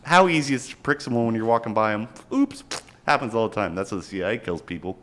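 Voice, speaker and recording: A man's voice: on the low side, very fast, a bit bright. A young man co-hosting a podcast, rambling crudely and swearing as he jokes. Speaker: podcast co-host. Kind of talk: casual podcast chat.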